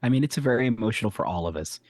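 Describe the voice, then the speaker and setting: A man with a fairly low voice, co-hosting a podcast and trading wry, joking remarks while recapping a TV show. He sounds like he is in his thirties or older. The recording is dry and close. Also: animated, racing, a little mellow, no echo. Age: 30s or older. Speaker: podcast co-host. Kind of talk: casual chat recapping a TV episode.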